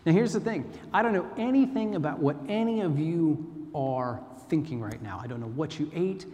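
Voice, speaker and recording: A man's voice: a little high, animated, normal speed, warm tone. A man with an American accent giving a chatty, self-deprecating sermon and telling a personal story. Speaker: preacher. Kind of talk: informal sermon. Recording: long hall reverb.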